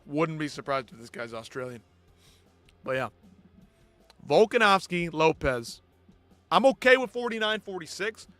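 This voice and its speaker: A man's voice: fairly high pitch, animated, unhurried, long pauses, fairly bright tone, no room sound, soft background music. A man hosting a live post-fight show, ranting bluntly and with heavy swearing. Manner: blunt, profane, exasperated ranting. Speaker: host.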